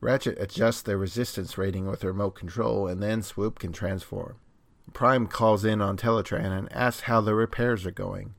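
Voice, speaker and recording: A man's voice: fairly low pitch, steady tone, moderate pace, vocal fry, no room sound. Wry man recapping a cartoon episode. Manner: wry, narrates plot in detail. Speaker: podcast co-host.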